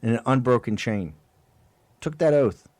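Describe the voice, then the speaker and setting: A man's voice: mid-range voice, lively intonation, darkish tone, dry recording. Fiery male talk radio host. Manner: emphatic, rapid-fire rhetorical questions.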